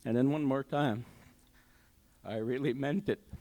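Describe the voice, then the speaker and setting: An older man gives his personal testimony at a church service, telling it in a halting, heartfelt way with many fillers and restarts. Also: mid-range voice, dark tone. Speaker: church member giving testimony. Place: community hall church service.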